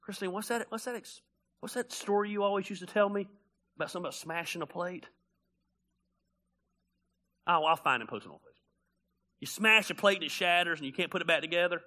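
A male pastor preaching a sermon, animated and conversational, blunt and joking, swinging from loud bursts to quiet asides. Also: sits high, brisk, long pauses.

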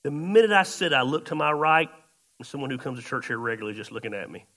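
A man preaching a sermon through a long personal story. His voice is gravelly and bright, and it jumps from quiet, muttered asides to sudden loud exclamations. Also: medium pitch, fast. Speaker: pastor.

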